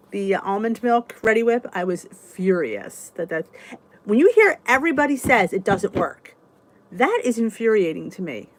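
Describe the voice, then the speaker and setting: A woman hosting a casual live-stream support chat, chatting in a rambling way and reading viewers' comments aloud. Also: mid-range voice.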